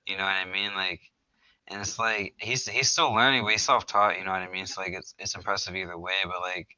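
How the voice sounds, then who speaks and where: A man's voice: deep voice, fairly even intonation, brisk, bright, forceful tone, no echo, poor audio. A man in casual podcast chat, slangy and swearing, laughing often.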